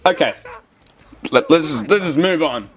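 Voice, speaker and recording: Australian man, young adult, comedic movie review, sarcastic and exasperated, fairly high pitch, lively swinging intonation. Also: moderate pace, over music. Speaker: film reviewer.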